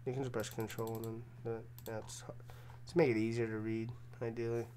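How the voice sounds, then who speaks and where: A man's voice: mid-range voice, little pitch movement, fast talker, dark tone, slight background noise. A young man co-hosting a casual livestream, reading out chat questions and teasing his partner. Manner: joking, teasing banter. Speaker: livestream co-host.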